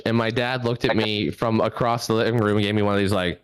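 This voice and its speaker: A man's voice: fairly low pitch, flat delivery, a little fast, clear, resonant tone. A young man doing a stand-up set over a video call from a home microphone, rambling loosely and laughing at his own jokes. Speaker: stand-up comedian.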